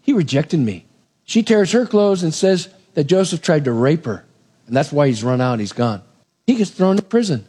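A man preaching a sermon, retelling a Bible story in a casual, animated way with asides to the congregation. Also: a little high, normal speed.

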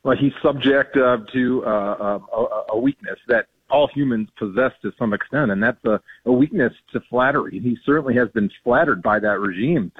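A husky, medium-pitched man talks at normal speed with few pauses and no room sound, appearing as a policy guest on a phone-in radio program. Despite sounding earnest and indignant, he scatters ums and restarts throughout, and the audio is a tinny phone line.

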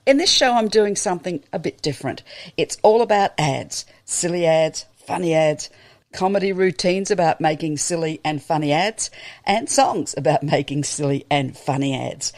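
Deep-voiced woman radio host. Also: lively intonation, normal speed. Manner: bubbly, scripted links. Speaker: radio comedy show host. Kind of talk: upbeat radio presenting.

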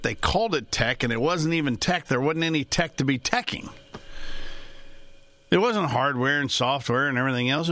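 Man hosting a talk show, folksy and rambling, lively pitch, gravelly bright tone. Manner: rambling, folksy, chuckling asides. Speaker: financial talk host. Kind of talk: casual monologue.

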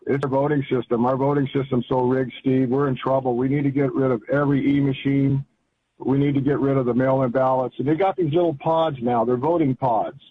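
A man's voice: medium pitch, fairly even intonation, brisk, slight background noise. An older man calling in to a radio show, chatting in a rambling, folksy, enthusiastic way. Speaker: caller. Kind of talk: casual call-in chat. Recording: tinny phone line.

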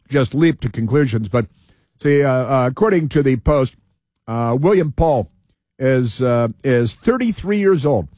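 A man's voice: medium pitch, expressive, measured pace, a little mellow, no echo, studio quality. A man hosting political commentary, reading news aloud with sarcastic asides, fillers and restarts.

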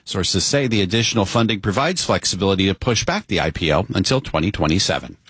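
A man reading scripted radio news as the morning anchor, in a crisp, measured way. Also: low voice, lively intonation, fairly bright tone, no echo. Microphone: studio microphone.

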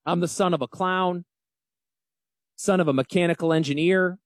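A man in his forties with a Northern US accent, hosting a radio talk show on financial planning. He talks loudly and energetically, joking and yelling into a close mic. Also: high voice, fairly even intonation, moderate pace, no echo. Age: 40s. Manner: loud, yelling. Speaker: financial advisor radio host. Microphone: close studio mic.

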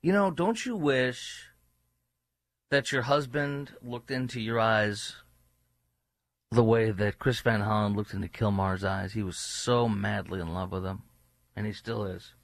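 A man's voice: fairly low pitch, measured pace, vocal fry, no room sound. A man guest-hosting a political talk radio show, speaking in a sarcastic, mocking way.

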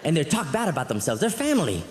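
A man doing a stand-up routine, rambling and animated through his stories with frequent asides. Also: fairly high pitch, quick pace. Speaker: stand-up comedian. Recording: echoey live hall, faint crowd.

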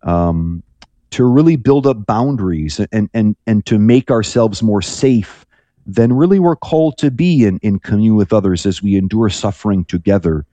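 A low, mellow male voice, a priest on a radio call-in show. He talks reflectively, often restarting his sentences, and the sound is dry and close. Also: normal speed, no room sound. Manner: thoughtful, rambling with frequent restarts.

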